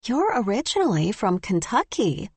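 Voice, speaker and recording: A woman's voice: mid-range voice, big pitch swings, normal speed, husky, no room sound, pitched above the performer's own voice. A woman voicing a pushy magazine reporter, upbeat and probing, in an audiobook. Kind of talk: audiobook character voice.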